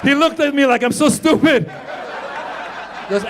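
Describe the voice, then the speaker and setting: A man from Iran doing a stand-up comedy set on a club stage, with animated crowd work and loud bursts when he mimics people. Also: extremely high pitch, slow pace, background noise. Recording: live club recording with crowd laughter. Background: audience laughter.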